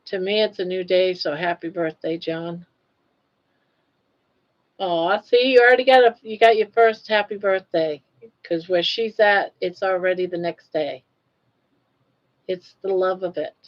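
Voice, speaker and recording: A woman's voice: fairly even intonation, unhurried, long pauses. An older woman hosting a casual live stream, chatty and teasing, laughing often. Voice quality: froggy, low-pitched singing voice by her own account. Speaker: livestream host. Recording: dull lo-fi stream audio.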